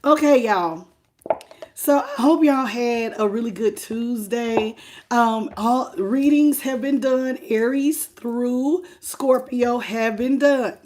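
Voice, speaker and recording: A woman with a hoarse, laryngitis-worn voice hosting a live tarot stream, chatting casually and familiarly with viewers and calling them baby and boo. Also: a little high, a little mellow. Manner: unhurried and chatty, laughing often.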